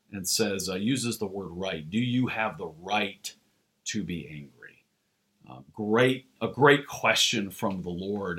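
A man preaching a sermon as pastor, earnest, with "uh" fillers, slowing down for emphasis. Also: on the low side, fairly bright tone.

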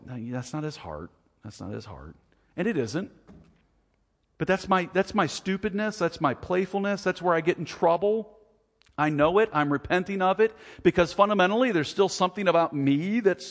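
A middle-aged male pastor preaching a conversational, self-deprecating sermon with animated emphasis. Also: mid-range voice, long reverb tail. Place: church sanctuary.

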